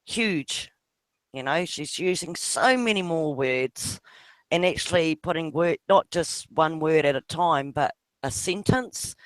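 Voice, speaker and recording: With a fairly high pitch, this man speaks unhurriedly in a smooth, slightly bright voice, with no room sound. He's a New Zealand-accented father on a casual video call with a friend, swearing offhandedly, laughing a lot and talking about his kids.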